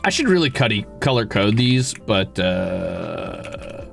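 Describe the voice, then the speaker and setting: Excitable, swearing male streamer. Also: lowish voice, slow, creaky, soft background music. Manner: excitable, profane, jumps into loud outbursts. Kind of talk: casual live-stream chat.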